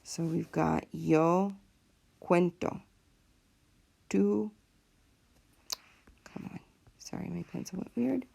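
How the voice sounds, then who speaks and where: A woman teacher talks through a recorded lesson at an unhurried pace. Her voice sits a little low and carries a gravelly fry. She explains each step patiently. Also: a little mellow. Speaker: Spanish teacher.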